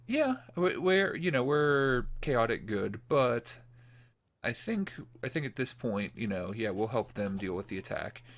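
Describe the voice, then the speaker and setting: A man hosting a let's play, commenting casually on a role-playing game as he plays, rambling with fillers and restarts. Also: medium pitch. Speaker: gaming channel host.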